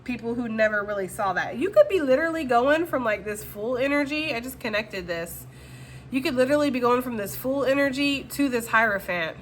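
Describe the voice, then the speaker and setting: A woman's voice: on the high side, animated, fairly quick, a bit bright, slight background noise. A woman giving a casual, chatty tarot reading and addressing her viewers directly. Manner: chatty, full of fillers. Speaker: tarot reader.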